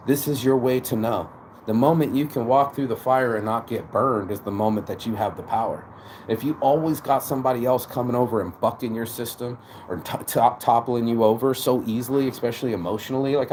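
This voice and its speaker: A man giving a casual, animated motivational talk, preachy and peppered with swearing. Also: mid-range voice, fast talker, slight background noise. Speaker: motivational vlogger.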